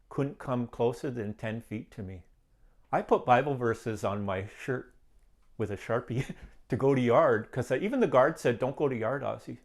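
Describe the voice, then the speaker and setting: An older man telling his personal testimony, animated, acting out the dialogue as he recounts it. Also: medium pitch. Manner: animated storyteller who acts out quoted dialogue and laughs often. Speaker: guest sharing his testimony.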